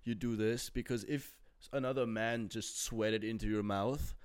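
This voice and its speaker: A man's voice: fairly low pitch, steady tone, a little slow, clean tone. Laughing man telling gym stories. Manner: laughs often, jokey storytelling. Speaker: comedian. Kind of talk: casual podcast chat.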